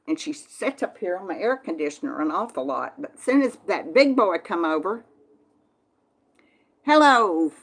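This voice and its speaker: Folksy Southern woman host, lowish voice, chatting live with viewers. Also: husky. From Texas. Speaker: channel host reading live chat. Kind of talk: casual live-stream chat.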